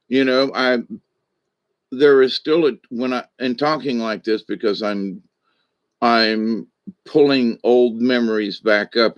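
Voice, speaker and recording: A man's voice: mid-range voice, no room sound, muffled recording. A man in his sixties, a spiritual teacher, talking through his thoughts in a reflective monologue with frequent restarts and asides. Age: 60s.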